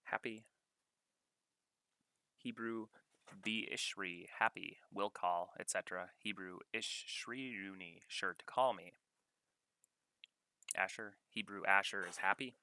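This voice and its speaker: A man reading scripture aloud in a measured, deliberate way, pausing to cite study notes and references. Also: sits low, bright, forceful tone, dry recording. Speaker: scripture reader.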